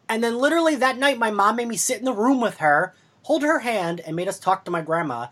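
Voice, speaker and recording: A man spins a story on a podcast while drinking, lively and relaxed, imitating whoever he's quoting. His voice sits high, and he speaks at a moderate pace.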